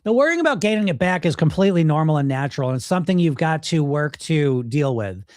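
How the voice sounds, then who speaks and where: A man's voice: fairly high pitch, sing-song, quick pace, no room sound, studio quality. A middle-aged man coaching viewers on weight loss in a casual live Q&A, blunt and emphatic, swearing freely.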